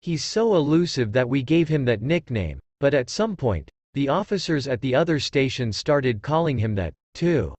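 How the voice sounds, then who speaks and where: A man's voice: mid-range voice, sing-song, normal speed, hardly any pauses, a little mellow, dry recording. A man voicing a friendly, chatty male senior police officer.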